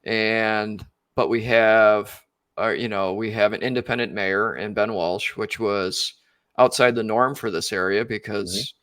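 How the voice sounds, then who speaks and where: A man's voice: lowish voice, steady tone, unhurried, fairly bright tone, dry recording. A man, hosting a casual podcast interview and thinking aloud with loose, rambling phrasing. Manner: rambling, many fillers and restarts. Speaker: podcast host.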